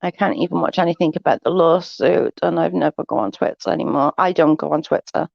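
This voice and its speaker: A woman's voice: low voice, fast talker, gravelly, no echo, dull audio. A woman hosting a casual livestream, reading viewer chat and giving blunt, sarcastic, gossipy opinions.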